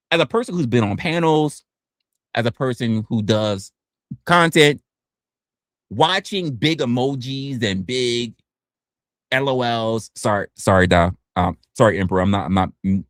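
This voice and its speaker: A male livestream host in a casual, sarcastic rant who keeps slipping into mock voices. His pitch swings widely and his delivery is lively. The sound is close and dry with no room echo. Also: moderate pace. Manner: animated, sarcastic, acts out other people's lines.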